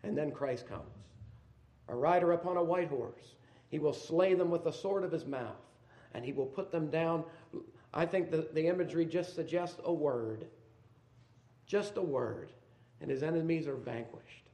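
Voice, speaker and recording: A man delivers a sermon in a high, ringing voice, climbing to forceful peaks and then falling back to hushed, low asides. His voice carries with a roomy echo around it. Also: moderate pace. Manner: swings between loud emphatic peaks and quiet low asides. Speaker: preacher.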